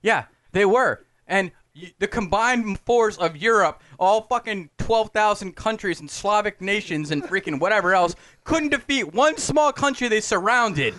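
A brash man with a high, lively voice, riffing loudly in casual banter. His tone is bright and forceful, and a faint hiss of noise sits under the recording. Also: moderate pace, hardly any pauses. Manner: loud, brash, joking rants.

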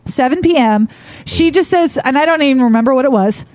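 High-voiced woman chatting on a podcast. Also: expressive, a little fast, darkish tone, dry recording. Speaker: podcast co-host. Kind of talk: casual storytelling chat.

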